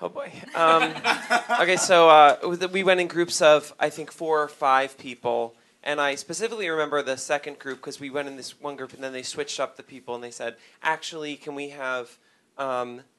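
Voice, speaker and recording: A man's voice: a little high, fairly even intonation, brisk, fairly bright tone. A man, a comedy guest, talking casually and hesitantly about his teammates and auditions. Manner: rambling, hesitant with fillers. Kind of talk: casual chat.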